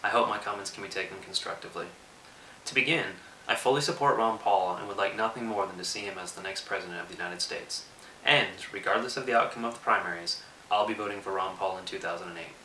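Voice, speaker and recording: A man in his twenties talks in a bright, forceful voice, measured and persuasive. He is set back from the mic in an echoey room. Faint hiss sits under him. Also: lowish voice, distant mic. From Austin, Texas. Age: 20s. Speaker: political commentator. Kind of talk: earnest scripted video address.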